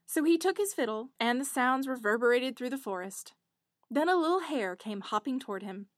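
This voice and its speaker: Brief: woman storyteller, high and very animated, dry close sound. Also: normal speed, dry recording. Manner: expressive, lively storytelling. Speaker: narrator. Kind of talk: storybook narration.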